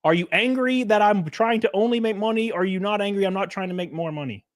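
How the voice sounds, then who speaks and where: A streamer from Alabama rants and laughs on his livestream, profane and mocking, laughing often throughout this casual rant. His voice sits high and moves fast. The recording is dry, with clean studio sound.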